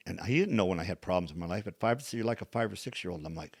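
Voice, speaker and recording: An older man hosting a podcast, telling stories in a casual, blunt way and acting out the dialogue with lively switches of voice. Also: sits low, very fast, gravelly, breathy edge, no room sound, studio quality. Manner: animated, acts out quoted dialogue; blunt, frank wording. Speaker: podcast host. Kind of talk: casual storytelling chat.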